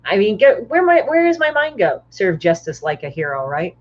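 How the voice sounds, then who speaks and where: Her mid-range voice swings widely in pitch at a moderate pace as this woman, a guest comic artist, chats casually on a podcast. She's blunt, swears freely, and acts out other people's lines, and the lo-fi audio sounds dull and muffled.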